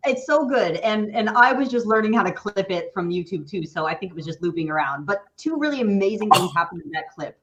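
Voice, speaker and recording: A woman's voice: mid-range voice, lively intonation, a little fast, hardly any pauses. Woman, career coach, wry and explanatory, lo-fi video call sound. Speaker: career coach, resume writer. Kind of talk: casual video-call chat.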